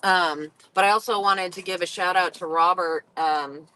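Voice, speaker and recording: Earnest speaker on a stream, bright tone, pretty flat, lots of ums. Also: medium pitch, moderate pace, clean tone. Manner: earnest, many filler ums. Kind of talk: casual livestream chat.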